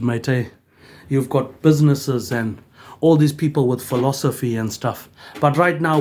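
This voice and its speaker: A man, rambling through a loose monologue of his own. His voice sits in an ordinary middle pitch. He ends nearly every phrase with a quieter "mate, eh". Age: 40s. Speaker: vlogger.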